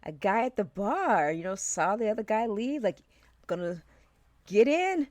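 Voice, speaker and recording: A woman guest on a podcast, chatting casually with quick wry asides and frequent laughter. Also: medium pitch, expressive, dry recording.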